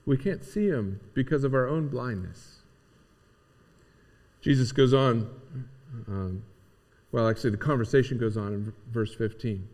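A male pastor preaching a sermon in an earnest, searching way, asking his listeners question after question and pushing up to emphatic high points. His mid-pitched voice carries a long hall reverb, as if he stands in a church sanctuary. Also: a little slow, pauses often, darkish tone.

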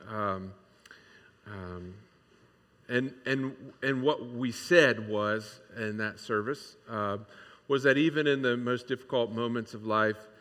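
A man in a church sanctuary preaching a sermon, candid and conversational, pausing on fillers and restarting his sentences. His voice is bright and forward, and a long reverb trails behind it. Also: mid-range voice. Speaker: pastor.

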